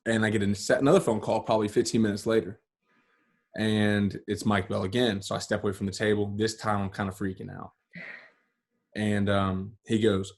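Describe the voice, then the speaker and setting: A man who is a podcast guest, telling a story in a relaxed, rambling way with many fillers and restarts. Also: fairly low pitch, moderate pace. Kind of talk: casual storytelling.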